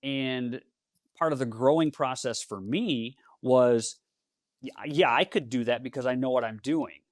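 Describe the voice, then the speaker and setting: A man who coaches leaders, guesting on a podcast, telling stories in a lively way and acting out the dialogue. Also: medium pitch, measured pace, no room sound, clean studio sound. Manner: animated storyteller, acts out dialogue. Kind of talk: podcast interview storytelling.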